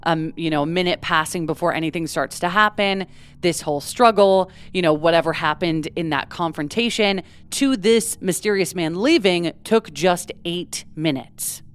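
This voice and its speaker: A woman co-hosting a true crime podcast, her voice smooth and clear and pitched a little low. She reads from a script and slips into casual asides now and then. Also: moderate pace. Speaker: podcast co-host.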